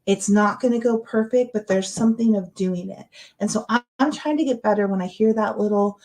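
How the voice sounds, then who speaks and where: Middle-aged woman, chatty livestream host, rambling and encouraging, average pitch. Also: brisk, warm tone. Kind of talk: casual livestream chat. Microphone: webcam or computer mic, livestream.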